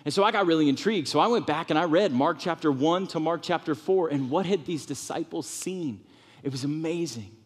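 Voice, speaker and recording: A man delivers a sermon in a church sanctuary with an animated, shifting delivery. His voice sits on the high side. Long reverb from the hall trails his words. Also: brisk. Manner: animated preaching, drops to soft tones for comfort, rises high for emphasis. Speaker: pastor.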